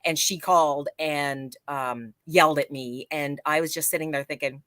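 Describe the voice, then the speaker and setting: A woman radio host talks casually, starting and restarting her thoughts. Her tone is bright and forceful. The sound is dry and close, with no room echo. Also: low voice, fairly even intonation, normal speed. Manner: hesitant, with many fillers and restarts. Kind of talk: casual chat.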